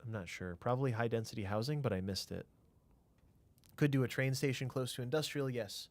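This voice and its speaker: A man's voice: medium pitch, fairly quick, a little mellow, dry recording. A man streaming a city-building game, thinking aloud in a casual way, answering chat and trailing off into mutters.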